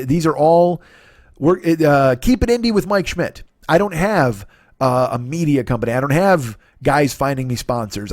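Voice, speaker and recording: A man in his forties hosting a solo comedy podcast, talking in a profane, rambling, self-deprecating monologue and acting out quoted voices with sudden pitch jumps. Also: darkish tone, dry recording, studio quality. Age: 40s. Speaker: podcast host.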